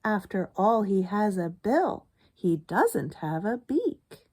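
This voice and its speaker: A woman's voice: medium pitch, sing-song, slow, a little mellow, slightly rough, exaggerated voice. A woman voicing a fussy, bossy hen who scolds in a squawking storybook voice. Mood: alarmed.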